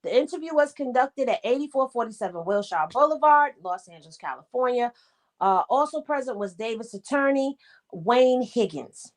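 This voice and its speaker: A woman co-hosting a casual talk show, with a fairly high voice. She reads through official documents aloud, stops to correct typos, and drops in short comments as she goes. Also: lively intonation. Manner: reads aloud and adds quick asides. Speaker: co-host.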